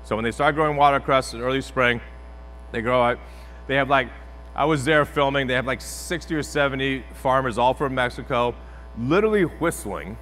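On a trade show demo stage, a celebrity chef keeps the audience engaged, joking and chatting as he cooks live. His voice is medium-pitched, brisk and fairly bright, picked up with slight hiss or hum in an echoey hall with faint background ambience.

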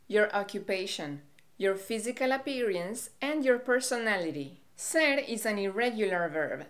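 A young woman from Colombia, a Spanish teacher, explaining grammar in a clear, measured way. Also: mid-range voice. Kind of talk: language lesson.

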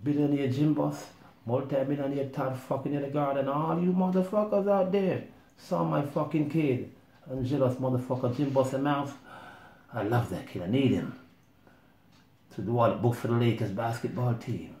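A man's voice: mid-range voice, normal speed, mellow. A man telling his own story in a rambling, blunt monologue, swearing freely and acting out other people's voices. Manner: profane, blunt, acts out voices. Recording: roomy echo.

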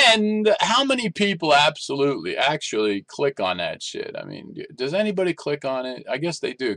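A man ranting in a casual vlog, animated and rambling, with restarts and exasperated complaints. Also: fairly high pitch, no room sound. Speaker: vlogger.

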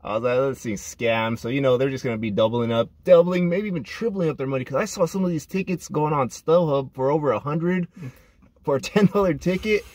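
A man's voice: fairly high pitch, quick pace, darkish tone, dry recording. Frustrated man in casual podcast chat. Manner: frustrated, laughing between complaints. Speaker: podcast co-host.

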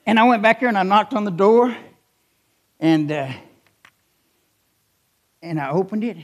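Animated high-voiced pastor preaching. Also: male voice. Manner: storytelling, animated, rising to emphatic questions. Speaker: assistant pastor. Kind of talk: sermon. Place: church.

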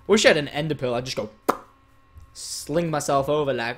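A man's voice: fairly high pitch, lively intonation, fast, a bit bright. A man giving casual commentary while playing a game, joking around and slipping into mock gangster talk. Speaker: gaming YouTuber.

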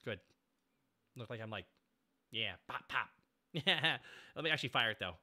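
A man in his thirties hosting a casual stream chat, excitable and prone to sudden yelps. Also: mid-range voice, moderate pace. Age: 30s. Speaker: streamer host.

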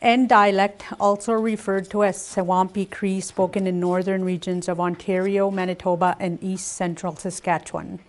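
An older woman teaching a language lesson, speaking slowly and carefully, saying each word twice before she explains it. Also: mid-range voice, flat delivery. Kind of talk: slow spoken language lesson.

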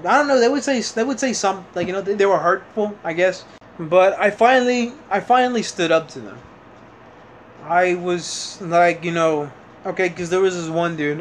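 A man's voice: high voice, a little hiss or hum. A young man vlogging, telling a story about his childhood in a rambling, casual way, restarting sentences and swearing now and then.

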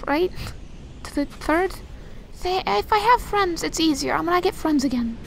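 High-voiced woman grumbling through gameplay. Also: lively intonation, moderate pace, vocal fry, a bit bright, a little hiss or hum. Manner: rambling, self-talking, exasperated. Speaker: let's play host. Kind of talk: casual gameplay commentary.

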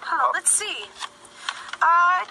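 Casting note: fussy puppet mom, very high and swooping, music under it. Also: male voice, animated, very slow, vocal fry, background noise, full character voice.

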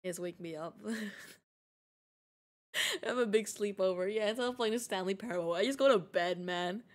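A woman's voice: mid-range voice, a little fast. A young woman streaming a game, chatting to her viewers in a giggly, teasing, playful way. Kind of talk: casual gaming live-stream chat.

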